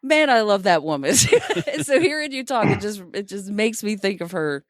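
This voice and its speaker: A woman's voice: medium pitch, animated, moderate pace, no room sound, clean studio sound. A woman in her thirties co-hosting a casual podcast, self-deprecating and laughing often. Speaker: podcast co-host.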